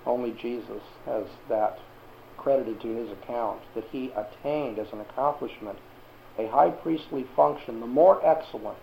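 A man's voice: medium pitch, moderate pace, vocal fry, mellow, a little hiss or hum, rough recording. A man teaching a Bible lesson to a class and asking them questions.

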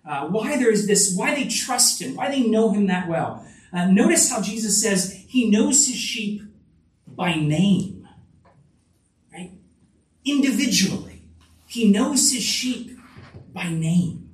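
A man's voice: takes it slowly, long pauses. A man preaching a sermon in an earnest, conversational way, often restarting phrases. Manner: earnest, with frequent restarts and lively rises in pitch. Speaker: pastor. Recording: echoey room, voice from a distance.

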